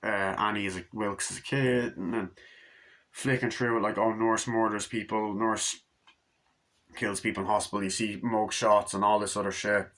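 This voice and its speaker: A young man casually rambling through a movie review, excitable and full of swearing. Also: fairly low pitch, moderate pace.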